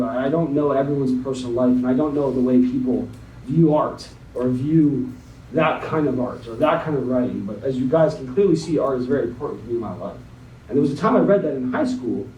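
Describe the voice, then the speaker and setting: A man's voice: mid-range voice, warm tone, a little hiss or hum. Young man reading poetry in an echoey hall. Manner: slow, dramatic poetry reading. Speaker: guest speaker. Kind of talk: spoken word poetry then motivational talk. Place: conference hall. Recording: echoey hall, mic at a distance.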